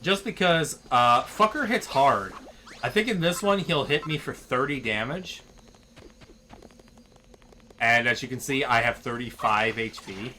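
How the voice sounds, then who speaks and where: A man's voice: medium pitch, unhurried, pauses often, pushed and bright, a little hiss or hum. A man streaming a video game, reading along and explaining its mechanics in a wry, casual way with some swearing. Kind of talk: casual gameplay commentary.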